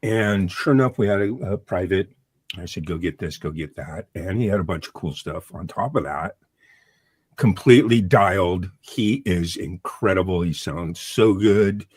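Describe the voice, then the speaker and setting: A man's voice: low voice, normal speed, darkish tone, husky, no echo. A man organizing a music festival, chatting in an upbeat, rambling way with fillers as a guest. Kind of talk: casual chat.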